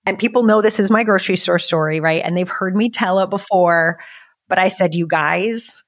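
A woman's voice: lowish voice, moderate pace. A middle-aged woman telling personal stories as a podcast guest, emotional and laughing as she talks. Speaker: podcast guest, business mentor. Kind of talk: casual storytelling interview.

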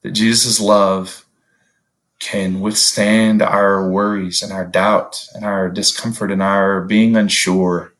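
A man preaching a sermon in an earnest, conversational way, often rising in pitch to stress a point. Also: flat delivery, slow, fairly bright tone, poor audio.

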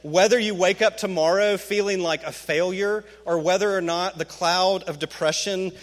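Fervent preacher in a reverberant hall. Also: male voice, steady tone. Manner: emphatic, rising to fervent peaks, dropping low and slow for quoted words. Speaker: pastor. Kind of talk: sermon.

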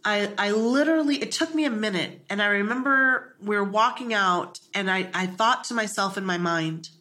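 A woman's voice: medium pitch, moderate pace, bright, forceful tone. A woman hosting a podcast, speaking earnestly and emphatically like a spiritual teacher. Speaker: podcast host. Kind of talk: casual chat.

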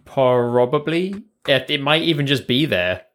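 A man from the south of England with a southern English accent, co-hosting a casual tech chat over a remote call, chatty and quick to laugh, often correcting himself. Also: medium pitch, expressive, fairly bright tone. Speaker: podcast co-host. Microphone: remote call mic.

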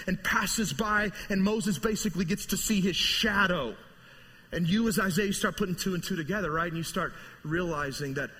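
A male pastor preaching a sermon, telling the story vividly and swinging between soaring lines and hushed ones. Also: fairly high pitch, breathy edge. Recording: long hall reverb.

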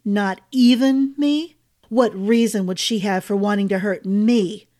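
A woman reading aloud voices a bitter, manipulative prince, speaking slowly with a cold snarl. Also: mid-range voice, dry recording, studio quality, lightly acted.

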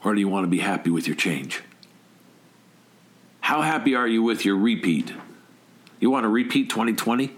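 A man's voice: lowish voice, lively intonation, normal speed, long pauses. A middle-aged man giving a motivational talk, emphatic, firing rhetorical questions and often repeating or restarting words. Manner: frequent word repeats and restarts. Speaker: motivational speaker.

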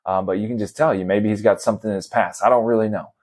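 Male podcast host, casual energetic storyteller, chatty with fillers. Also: lowish voice, fast talker. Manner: energetic, conversational, lots of fillers like "man" and "you know".

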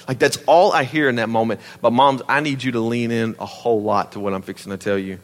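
A man in his thirties with a Southern US accent, preaching a sermon in an animated, emphatic and conversational way. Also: mid-range voice, fast, hardly any pauses, big-room sound. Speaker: pastor.

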